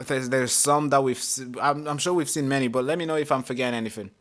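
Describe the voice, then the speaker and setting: A man's voice: mid-range voice, fairly even intonation, fast talker, a bit bright. A male host reading an article aloud during a live stream and commenting on it, swearing, repeating himself and putting on mocking voices.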